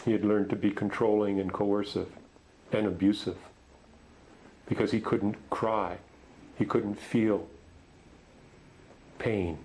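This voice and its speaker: A middle-aged man leading a men's group tells a story gently, with halting restarts. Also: on the low side, level tone, a little hiss or hum, rough recording. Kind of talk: storytelling talk.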